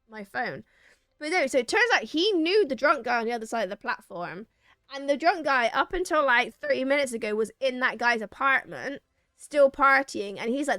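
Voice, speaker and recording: A woman's voice: a little high, dry recording, clean studio sound. A young woman streamer telling a rambling story to her chat, acting out what people said. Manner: animated, acts out quoted lines, rambling restarts.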